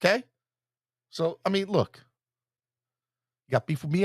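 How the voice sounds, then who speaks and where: A male podcast host talking in a casual, playful way, teasing his listeners. His pitch swings widely as he jokes and hypes himself up. The sound is dry and close to the mic. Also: expressive, unhurried, dry recording. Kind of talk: casual live podcast chat.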